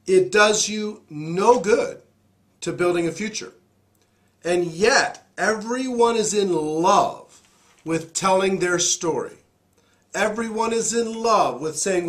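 A hoarse man, still getting his voice back, hosting an emphatic, preachy motivational talk into a studio mic. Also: sits high, lively intonation, unhurried, fairly bright tone. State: hoarse, recovering voice. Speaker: host.

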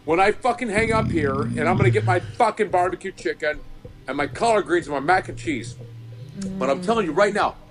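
A man on a podcast, ranting loudly with constant swearing and laughing. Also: high voice, a little fast, music in the background. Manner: loud, swearing, laughing rant. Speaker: podcast co-host. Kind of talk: profane whiskey rant.

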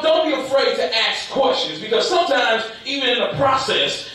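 A man with an American accent preaching a fervent sermon as an apostle, repeating words and shouting lines to a responding congregation. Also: extremely high pitch. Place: church sanctuary. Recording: echoey church, mic from a distance, congregation responding.

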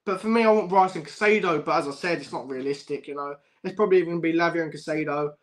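A man's voice: on the high side, racing. A young man hosting a football fan livestream, swearing, laughing often and chatting to his viewers. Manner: swears a lot, laughs often, says bruv constantly. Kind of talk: casual livestream chat.

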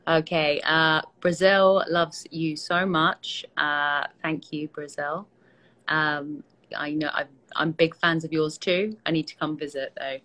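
A tired British woman, an actress, chatting casually with fans on a live stream, relaxed and self-deprecating, with many fillers, speaking into a phone held at arm's length. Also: low voice, takes it slowly, poor audio. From Britain. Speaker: actress hosting a fan Q&A.

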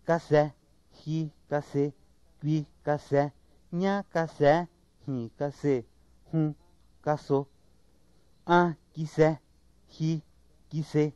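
A man slowly and carefully reading out a word list in a measured, repetitive way. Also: fairly high pitch, darkish tone, dry recording. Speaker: native speaker recording word list. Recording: dull lo-fi 1990s tape, dry.

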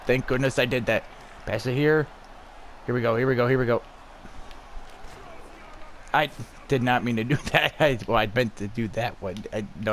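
Young man, gameplay commentary, cursing, frustrated, mid-pitched voice, faint background hiss. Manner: frustrated, swearing, raging at the game. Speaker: gaming YouTuber.

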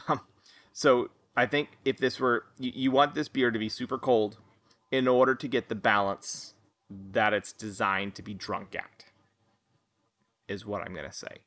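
A man's voice: on the low side, fairly even intonation, a little slow, fairly bright tone. A man casually reviewing a beer outdoors by a lawn, rambling with lots of fillers and chuckles. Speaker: beer reviewer, podcast host.

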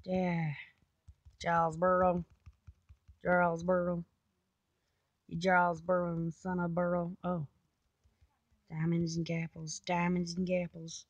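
Young woman gamer, low-pitched, dry close mic, chatty self-talk, playful repetition. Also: monotone, slow, pauses often, no room sound, dull audio. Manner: chatty, self-talking, repeats silly phrases. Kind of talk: casual gameplay commentary.

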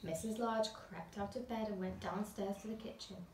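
Woman, nursery teacher, storybook read-aloud, gentle chatty asides, echoey room, camera far off. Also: medium pitch, steady tone, moderate pace, a little hiss or hum. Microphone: camera at a distance. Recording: echoey room, filmed from a distance.

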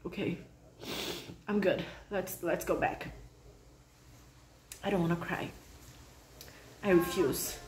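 A woman hosting a reaction channel, reacting out loud to a fan video in an expressive, exclamatory, chatty way. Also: fairly low pitch, slow, long pauses, echoey room, a little hiss or hum.

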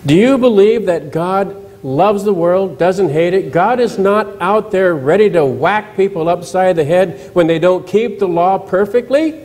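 Man, pastor, church sermon, conversational, retells scripture with quotes, soft warm tone. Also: high voice, a little slow, hardly any pauses, faint music behind, rough recording. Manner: conversational, asks the congregation questions.

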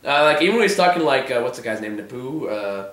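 Hoarse male vlog host, rambling and swearing, bright tone, roomy echo. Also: mid-range voice, lively intonation, quick pace. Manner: rambling, filler-heavy, swears casually. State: hoarse, voice giving out. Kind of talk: casual TV episode discussion.

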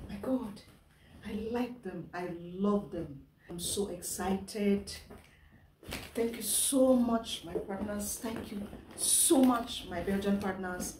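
A woman's voice: mid-range voice, slow, a little mellow, far from the mic, slight background noise. A young woman with a Nigerian accent, chatting through a casual unboxing vlog, laughing often and slipping into Pidgin. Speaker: vlogger. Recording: echoey room, voice off-mic.

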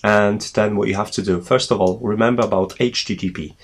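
A man's voice: lowish voice, steady tone, fairly quick. A man hosting a tech tutorial, explaining a setup step by step with frequent hesitations. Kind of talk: screen walkthrough tutorial.

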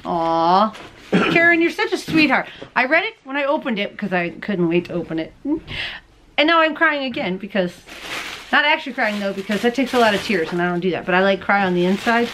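A woman's voice: mid-range voice, expressive, fairly quick, a bit bright, slight background noise. A woman hosting a crochet and knitting show, chatting casually to camera as she opens mail at home, bubbly and gushing and often laughing. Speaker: crochet and knitting podcast host.

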